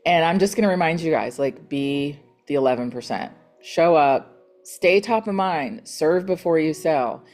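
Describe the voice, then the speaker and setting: Chatty low-voiced woman hosting a coaching call. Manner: chatty, retells conversations with lively quoted voices. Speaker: real estate coaching call host. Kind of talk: motivational team call.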